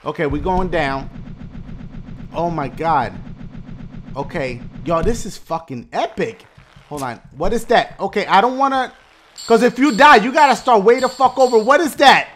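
A man giving loud, profane commentary while he plays a video game, often yelling at what happens on screen. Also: high-pitched, expressive, moderate pace, slight background noise. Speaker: gaming YouTuber. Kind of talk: gameplay commentary.

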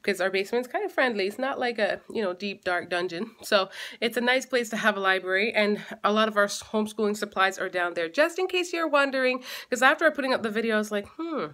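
A woman's voice: quick pace, pushed and bright. A woman in her thirties from Canada, a homeschooling mom chatting casually to her vlog audience and talking playfully to her baby. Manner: chatty, playful, talks to her baby in a high sing-song voice.

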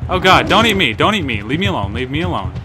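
A young man hosting a blind let's play, commentating excitably, swearing and yelling at the game as he plays. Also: a little high, quick pace. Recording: loud game music behind the voice.

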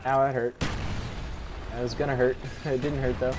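A young man with a mid-range voice gives live gameplay commentary into a desk microphone at normal speed, with little pitch movement. He rambles, mocks himself, and mutters asides, while music and gunfire from the game play in the background.

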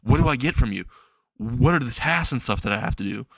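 Man putting on a shrill teen boy hero, weepy and frantic, dry close sound. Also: animated, normal speed, no room sound, natural voice. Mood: excited. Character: panicky young male hero, often crying.

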